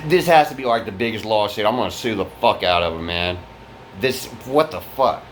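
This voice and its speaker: A man's voice: on the low side, expressive, moderate pace, slight background noise. Angry swearing man venting. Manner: frustrated, swearing, rambling restarts. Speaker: vlogger. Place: fire-damaged apartment.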